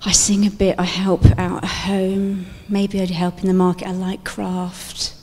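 A woman's voice: on the low side, completely flat delivery, unhurried, darkish tone, slight background noise. A woman voicing a chatty young woman introducing herself, in a breezy, partly whispered way. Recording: long hall reverb.

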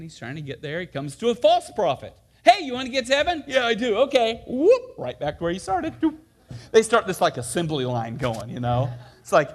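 A man preaching a sermon, telling a camp story with acted-out voices and many fillers and restarts. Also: on the high side.

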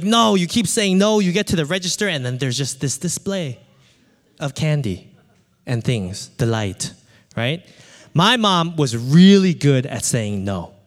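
A man preaching a sermon, telling a childhood story with acted-out voices and often asking the crowd "right?". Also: high-pitched. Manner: animated, acts out voices, asks the crowd "right?". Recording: echoey hall.

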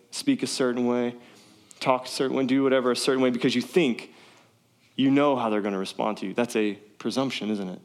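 A man preaching a sermon in a casual, conversational way, often asking his listeners questions. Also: mid-range voice. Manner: conversational, asks the audience questions. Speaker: pastor. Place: church service, also streamed online.

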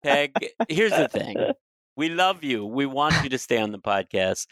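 Lively, teasing man co-hosting a podcast. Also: mid-range voice, unhurried, smooth. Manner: playful, teasing, laughs often. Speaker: podcast co-host. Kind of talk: casual group chat.

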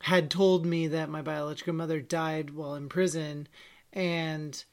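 A woman's voice: deep voice, fairly even intonation, a little slow. Candid storytelling woman. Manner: candid storytelling, acts out quoted lines loudly. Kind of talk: casual chat.

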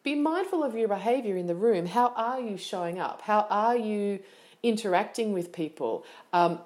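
A young woman, a yoga teacher hosting a solo podcast, talking in a lively, animated way with quick asides. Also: medium pitch.

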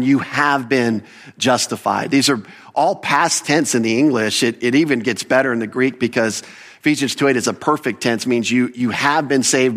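Male pastor, mid-pitch voice, lively animated sermon delivery with sharp upward jumps for emphasis. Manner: animated preaching, rising pitch on emphatic points, asides and self-corrections.

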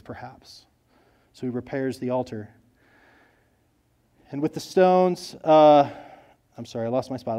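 A man preaching a sermon, earnest, swinging between loud emphasis and soft low asides. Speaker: pastor.

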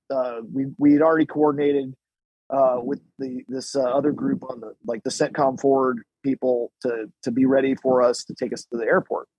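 A man's voice: medium pitch, a little mellow, slightly rough, no echo, poor audio. A man, a military service member, casually telling a long rambling anecdote as a podcast guest, with restarts and asides, laughing at his own story. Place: podcast recording.

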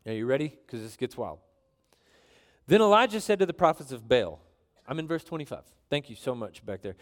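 A man preaching a sermon in an animated, joking way, reading scripture aloud between his asides. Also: on the high side, a little fast. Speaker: pastor.

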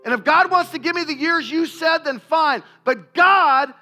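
A man's voice: very high voice, moderate pace, sharp tone, faint music behind, pitched above the performer's own voice, exaggerated voice. A man voicing a grateful woman churchgoer who gives an emphatic, breathless testimony. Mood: fervent.

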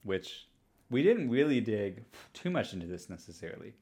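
A woman hosting a casual podcast, with an Arkansas accent, whose laughs come out in little squeaks and who trails off softly. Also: very animated, normal speed, husky. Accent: Northwest Arkansas. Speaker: podcast host.

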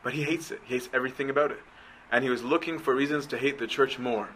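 A man's voice: mid-range voice, steady tone, quick pace, a bit bright, slight background noise, poor audio. A man giving a conversational sermon, often checking in with his listeners. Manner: conversational, keeps asking right?. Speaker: preacher.

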